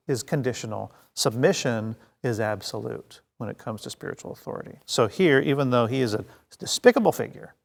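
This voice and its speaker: A man with a mid-pitched, gravelly voice leads a Bible teaching for a congregation. He tells the story in a lively way, acting out the scenes and stumbling through fillers and restarts. His voice rings out with the long reverb of a hall.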